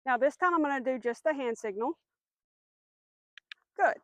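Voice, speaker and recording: High-voiced woman teaching dog commands. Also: lively intonation, normal speed, fairly bright tone, no echo. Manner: clear, patient explaining, firm short commands to the dog. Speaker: dog trainer. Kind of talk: instructional demonstration.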